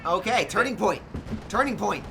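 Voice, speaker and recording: A man's voice: high voice, lively intonation, moderate pace, a bit bright, a little hiss or hum. A man doing playful, joking color commentary on a strategy game, asking his co-caster questions. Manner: playful, teasing, asks questions.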